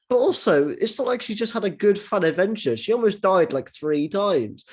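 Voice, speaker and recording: A man hosting a casual podcast chat, excitable, stumbling over restarts and swearing freely. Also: high voice, moderate pace, few pauses. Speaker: podcast host.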